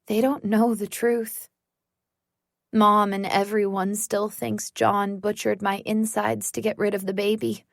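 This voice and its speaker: Woman, audiobook narrator, first-person thriller, tense measured reading, slow pace, dry studio sound. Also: mid-range voice, flat delivery, gravelly, no room sound.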